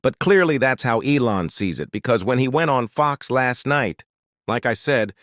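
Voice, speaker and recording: Guy doing a political commentary channel, sarcastic and scornful, super animated, no room sound at all. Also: medium pitch, moderate pace, no echo, clean studio sound. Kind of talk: political commentary over clips.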